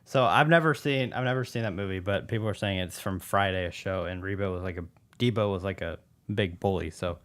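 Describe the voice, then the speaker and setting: A man's voice: low voice, a little fast, few pauses, fairly bright tone. A man co-hosting a casual reaction chat, rambling and thinking aloud as he works through ideas. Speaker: co-host and editor of a reaction show.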